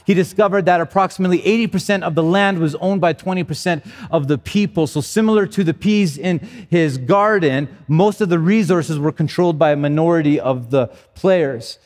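A man's voice: on the high side, a little fast, hardly any pauses, a little mellow, long reverb tail. A male pastor preaching a sermon in a conversational way, often repeating words as he goes.

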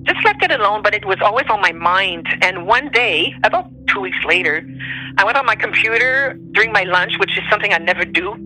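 Over faint background music and poor audio, a woman with a mid-range voice speaks fairly quickly. She is a storyteller guest from Montreal, Canada, a native French speaker with a Quebec accent, sharing a personal story emotionally and animatedly, raising her voice when quoting others.

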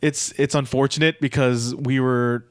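A man's voice: mid-range voice, fairly even intonation, unhurried, no room sound. Rambling man sharing wrestling opinions, dry. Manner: rambling, hedging, restarts a lot when he gives opinions. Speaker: wrestling podcast co-host. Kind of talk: casual opinion chat.

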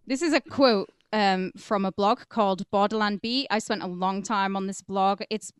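Wry female podcast co-host, smooth voice. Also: medium pitch, fairly even intonation, moderate pace, no echo, clean studio sound. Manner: wry, sardonic storytelling. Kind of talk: casual podcast chat, reading from notes.

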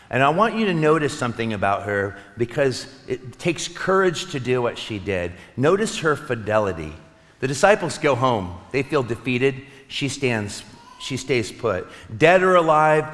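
A man preaching an Easter sermon as pastor, earnest, slowing and softening on heavy words. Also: fairly low pitch. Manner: earnest, with soft slowed pauses. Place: church sanctuary. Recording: long reverb of a large hall.

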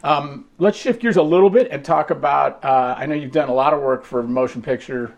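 A male interview host who feels his way through each question, full of fillers and restarts. He keeps a low-key, easygoing tone. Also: gravelly, highs cut off. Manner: halting, many fillers, soft backchannel.

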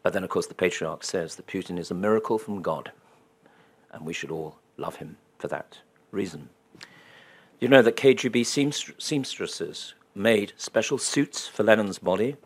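A man's voice: low-pitched, normal speed, husky. A man giving a public lecture, with dry humor and ironic asides.

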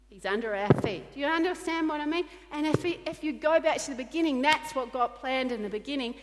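A woman's voice: high voice, big-room sound. A woman pastor preaching a sermon in an earnest, repetitive way, often acting out quoted dialogue.

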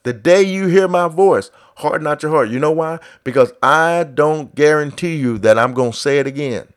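A man preaching a sermon who starts low and quiet, then builds to loud exhortation with repeated refrains and acts out biblical voices. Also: moderate pace, smooth.

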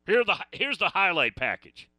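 Bright, lively sports radio man. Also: high-pitched, moderate pace, dry recording. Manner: rambling, reading listener messages. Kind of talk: casual radio talk.

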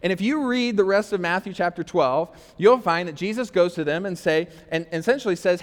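Young guy pastor, kinda high voice, chatty sermon w jokes and ums, echo from a big hall. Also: brisk, hardly any pauses, smooth. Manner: conversational, joking asides, frequent fillers. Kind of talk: casual sermon. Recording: long reverb of a church hall.

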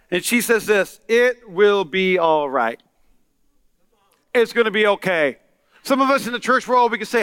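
A male pastor preaching a sermon in an animated way, acting out the lines of Bible characters. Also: high-pitched, smooth, no echo, clean studio sound. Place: large church hall.

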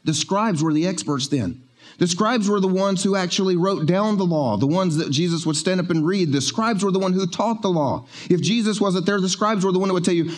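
A male pastor preaching in a church, with a voice pitched high for a man. He talks in a loose, conversational way and drops in jokes. He slows right down to lean on the words that matter. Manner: conversational and joking, slowing down to stress key words. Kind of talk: sermon. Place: church sanctuary.

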